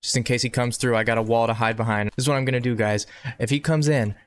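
A man giving excitable horror game playthrough commentary, talking back to the game and repeating himself. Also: mid-range voice, quick pace. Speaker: gaming video creator. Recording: noticeable background noise.

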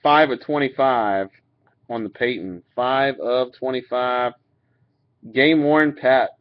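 A man's voice: medium pitch, slow. A man casually opening card packs, reading out each card and swearing now and then. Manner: laid-back, swears and laughs while reading out cards. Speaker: card breaker. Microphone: webcam mic. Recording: dull lo-fi webcam audio.

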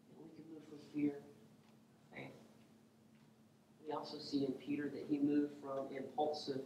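Animated preacher man, echoey church. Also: a little high, unhurried, long pauses, far from the mic, a little hiss or hum. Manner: animated, humorous storytelling preacher. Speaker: pastor. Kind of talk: sermon. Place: church sanctuary.

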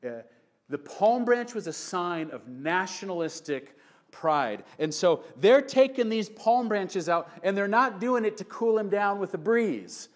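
A male pastor preaching a sermon in an animated way, acting out shouting crowds and dropping to quiet talk. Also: high voice, unhurried.

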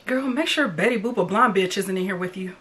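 Reacting to her first viewing of a horror film, a woman yells at the on-screen characters and curses without restraint. She speaks a little fast in a mid-range voice, over background noise.

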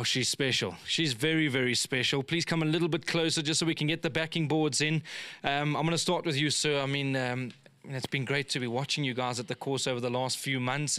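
A man interviewing winners after a race, full of praise and leaning on "I mean" as he talks. His voice sits fairly high and sounds smooth and clear. The sound is dry and close. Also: pushed and bright, dry recording. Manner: effusive, praising, many "I mean" fillers. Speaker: racecourse presenter interviewing winners.

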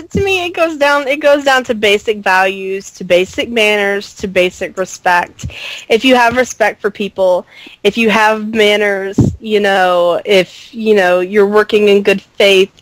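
A woman on a podcast panel speaking earnestly and haltingly, restarting her phrases. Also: medium pitch, no echo, poor audio. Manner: earnest, hesitant, many restarts. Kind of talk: casual chat.

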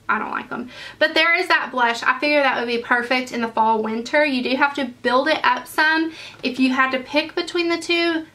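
A young woman talks through her makeup favorites in a loose, chatty way. Her voice sits a little high and rings bright and forward. She gushes over each product with eager enthusiasm. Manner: gushing, enthusiastic. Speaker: beauty vlogger. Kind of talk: casual makeup favorites chat.

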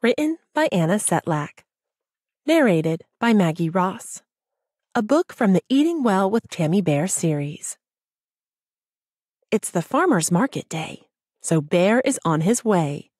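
A woman narrating a rhyming children's audiobook in a gentle, sing-song storytelling way. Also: mid-range voice, very animated, unhurried, long pauses, slightly rough, dry recording, studio quality.

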